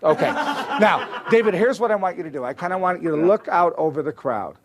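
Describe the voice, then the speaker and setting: A man with a high-pitched voice, lively intonation and a slightly fast pace acts as a stage magician, joking with and teasing a volunteer before a live audience. Loud crowd noise comes through in this live stage recording of a comedy magic show.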